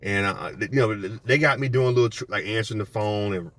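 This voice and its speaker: A man's voice: fairly low pitch, fast, a bit bright. A man telling stories in a casual monologue, blunt and profane, rambling with many restarts.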